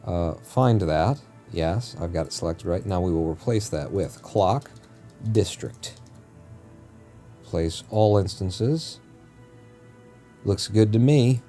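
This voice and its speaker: Low, dark-voiced man rambling on stream. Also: lively intonation, slow pace, pauses often, soft background music. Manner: rambling, jokey, often corrects himself mid-sentence. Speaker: game streamer. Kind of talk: casual live-stream chat while playing.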